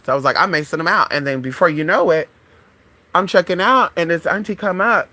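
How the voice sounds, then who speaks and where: A woman's voice: lowish voice, expressive, brisk, bright, forceful tone, no echo. A woman in a casual storytime vlog, telling a frank, profane story in a chatty way. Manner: acts out other people's voices in quotes. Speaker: vlogger.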